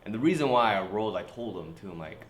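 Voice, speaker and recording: A man's voice: lowish voice, animated, fast, roomy sound, a little hiss or hum. A man from California, a comedian guest telling stories in a casual podcast chat, swearing freely and acting out what people said. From United States, California. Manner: laid-back storyteller, swears freely, acts out quotes.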